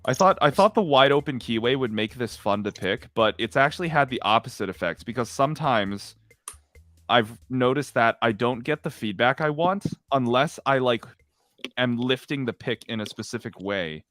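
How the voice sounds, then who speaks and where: A man's voice: mid-range voice, lively intonation, moderate pace, fairly bright tone, dry recording, studio quality, soft background music. Rambling man explaining a hobby. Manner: rambling, repeats himself while explaining. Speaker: hobby lockpicker on a live stream. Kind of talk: casual chat on a live stream. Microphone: remote guest link.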